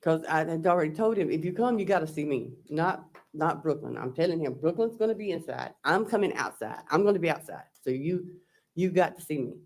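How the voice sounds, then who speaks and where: A man's voice: a little high, lively intonation, a little fast, vocal fry. A man testifying as a trial witness, recounting text messages and quoting what was said. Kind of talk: courtroom testimony.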